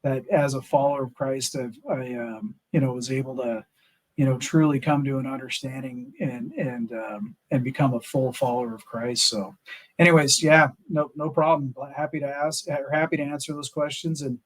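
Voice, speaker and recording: A man's voice: mid-range voice, fairly even intonation, moderate pace, rough recording. A middle-aged American man, a military veteran, telling his story in an earnest, emphatic interview with many fillers and restarts. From United States. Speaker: podcast guest, Army Ranger veteran. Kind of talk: candid interview talk.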